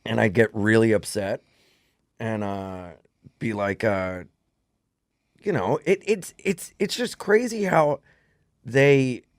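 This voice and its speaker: Gravelly, animated man telling stories. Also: lowish voice, takes it slowly, pauses often, no room sound, studio quality. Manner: animated, acts out voices in his stories. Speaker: comedian and podcast co-host. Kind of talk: casual comedic storytelling. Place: podcast studio.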